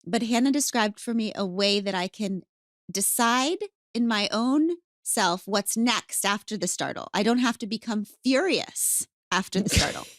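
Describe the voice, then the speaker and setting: A woman hosting a podcast at a middle pitch, animated and playful. She acts out her stories as she tells them. The sound is dry and close. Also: moderate pace, dry recording. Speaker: podcast host. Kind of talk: casual chat.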